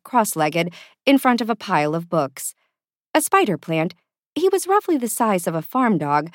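A woman narrating a fantasy audiobook in an expressive storytelling manner. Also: fairly low pitch, no room sound, clean studio sound. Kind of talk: scripted narration.

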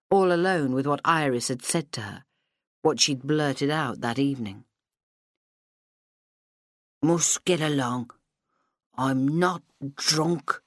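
A woman reading an audiobook novel aloud in a steady, measured way into a close mic. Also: a bass voice, dry recording. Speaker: audiobook narrator. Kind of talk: scripted narration. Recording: dry studio sound.

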